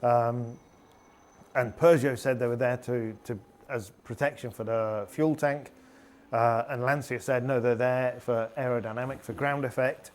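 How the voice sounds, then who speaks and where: A man's voice: mid-range voice, fairly even intonation, a little slow. A man on a rally panel, telling long anecdotes in casual chat, full of fillers and restarts. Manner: rambling anecdotal storytelling with fillers. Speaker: rally pundit.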